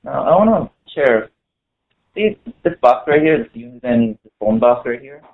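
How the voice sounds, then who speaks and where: A man gives a relaxed, chatty sermon, leaning on "you know" and restarting his sentences as he goes. His voice sits at an ordinary middle pitch. The recording is thin and tinny, like it came over a phone line. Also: a little slow. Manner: conversational, full of "you know" fillers and restarts. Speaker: pastor. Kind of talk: casual sermon to a small congregation.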